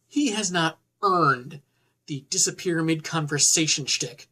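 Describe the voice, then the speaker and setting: A woman's voice: deep voice, unhurried, sharp tone, slightly rough. A woman making snarky, exasperated comedic commentary on comic books. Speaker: comic book reviewer.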